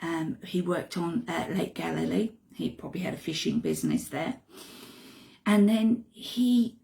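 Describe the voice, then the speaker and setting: A woman retelling a Bible story in an expressive way, dropping to hushed asides. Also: on the low side, measured pace, vocal fry.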